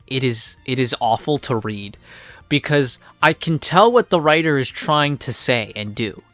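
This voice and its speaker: A man's voice: fairly high pitch, a bit bright, no room sound. A man giving a casual, rambling review of a comic, full of fillers and blunt swearing.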